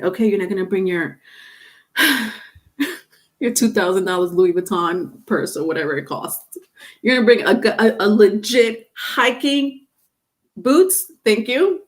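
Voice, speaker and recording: A middle-aged woman talks casually through a tarot livestream from home. Her delivery is chatty and loose. She circles back over her points and laughs often. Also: medium pitch. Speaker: tarot reader.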